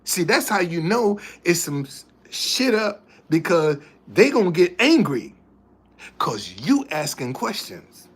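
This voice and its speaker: A man's voice: sits high, very animated, takes it slowly, fairly bright tone, husky. A man hosting a casual livestream, speaking in an emphatic, preachy way that keeps repeating its points. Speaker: livestream host.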